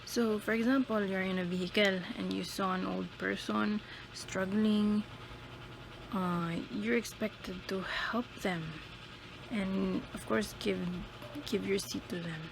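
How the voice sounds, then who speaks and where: Woman, student presenter, unhurried, careful repetition of words, noisy recording. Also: medium pitch, steady tone, gravelly. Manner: slow and careful, repeats example words. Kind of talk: explaining pronunciation tips.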